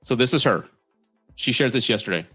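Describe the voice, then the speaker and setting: A man's voice: mid-range voice, lively intonation, brisk, sharp tone, slightly rough, faint music behind. A man giving casual commentary, reading messages aloud in a blunt, mocking, profane way. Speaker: content creator.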